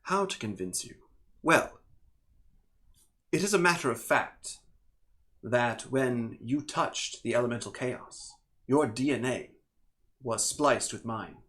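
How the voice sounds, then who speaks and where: A man voicing a calm male air elemental spirit who speaks softly and slowly. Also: medium pitch. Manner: slow, soft, calm.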